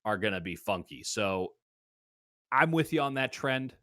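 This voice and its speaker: A man's voice: lowish voice, sing-song, measured pace, pushed and bright, no room sound, clean studio sound. A man hosting a sports betting show, giving his picks in casual talk and riffing with comic exaggeration. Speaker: sports betting podcast host.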